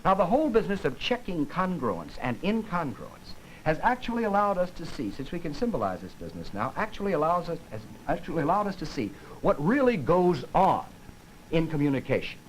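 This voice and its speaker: A man's voice: on the high side, big pitch swings, brisk, slight background noise, rough recording. A man giving a televised lecture on language, demonstrating intonation with his own rising and falling voice.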